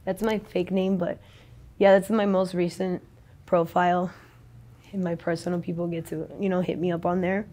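A woman's voice: lowish voice, flat delivery, normal speed, mellow. A young adult woman in a casual street interview, talking in a rambling, slangy, profane way.

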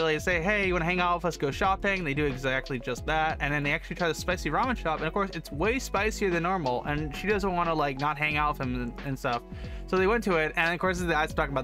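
A young man casually reviewing an anime episode, excitable and slangy, often saying dude and bro. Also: fairly high pitch. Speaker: anime reaction youtuber.

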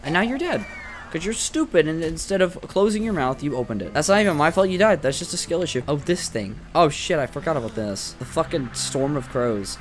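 Excitable young man with a lively voice. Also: a little high, a little fast, a little hiss or hum. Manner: excitable, profane, joking. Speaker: gaming YouTuber. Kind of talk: let's play commentary.

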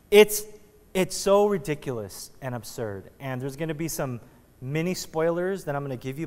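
A man preaching a sermon as pastor, in a casual, joking, conversational way that keeps restarting his sentences. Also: medium pitch. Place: church sanctuary. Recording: long reverb of a church hall.

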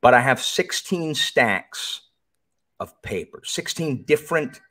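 A man's voice: mid-range voice, animated, slow, fairly bright tone. A man, a podcast guest, chatting casually and animatedly, often jumping into mocking voices.

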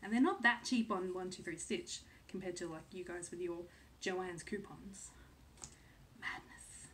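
A woman's voice: fairly low pitch, normal speed, fairly bright tone. A woman in her thirties from Australia chatting casually to camera as a cross-stitch vlogger, full of "um"s and second-guessing herself. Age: 30s.

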